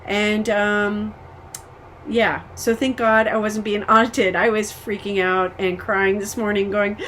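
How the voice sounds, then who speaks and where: A woman from the United States talks straight to camera in a loose, rambling update. She vents her frustrations openly, tripping over restarts and filling gaps with ums, at a steady middle pitch with a faint hiss behind her. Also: slow pace. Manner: frustrated and candid. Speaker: vlogger. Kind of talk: casual personal update.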